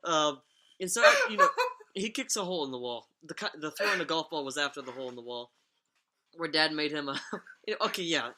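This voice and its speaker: Lively, bright-voiced young man telling stories. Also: on the high side, fast, a little hiss or hum. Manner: profane, rambling, laughs through stories. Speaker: podcast co-host telling stories. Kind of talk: casual storytelling chat.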